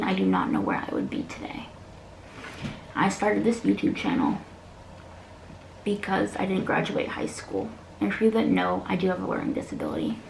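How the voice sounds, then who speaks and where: A woman, talking earnestly and haltingly in a personal vlog, close to tears and sometimes dropping to a soft whisper. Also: mid-range voice, creaky. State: near tears. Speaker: beauty vlogger. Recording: echoey room with faint noise.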